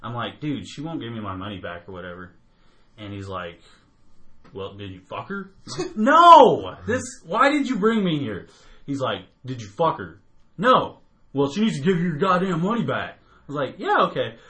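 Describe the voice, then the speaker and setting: A man's voice: medium pitch, very animated, moderate pace, sharp tone. A man telling a long story in casual chat, swearing freely and laughing as he goes. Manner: profane, laughs often while telling. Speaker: podcast co-host telling a story.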